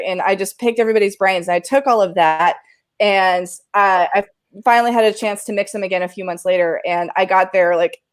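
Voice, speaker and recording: An animated woman recounts a gig from her work as a sound engineer, her voice sitting in a comfortable middle range. She talks in a loose, casual podcast manner. She laughs easily at her own mistakes. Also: medium pitch. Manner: animated, laughs often, self-deprecating.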